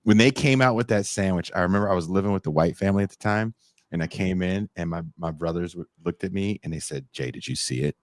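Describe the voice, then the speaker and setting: A man co-hosting a casual podcast, talking in an animated, profane way and often breaking into laughs and shouts. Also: low voice, fast, dry recording, studio quality. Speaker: podcast co-host. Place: home in Mexico.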